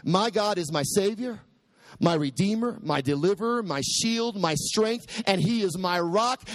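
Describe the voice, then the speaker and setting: A man preaching a sermon, quoting scripture and building to shouted peaks. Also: measured pace, dry recording. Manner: preaching with soaring pitch and sudden shouted peaks; quotes scripture in dramatic voices.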